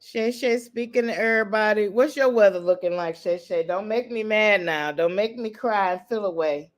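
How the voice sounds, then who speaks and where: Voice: medium pitch, moderate pace. A livestream host chatting casually with viewers, greeting them by name and teasing them in playful slang. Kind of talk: casual live chat with viewers.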